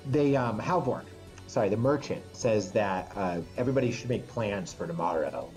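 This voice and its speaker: Halting male game master, faint music. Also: lowish voice, darkish tone. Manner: halting, full of ums and restarts. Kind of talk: narrating a tabletop game.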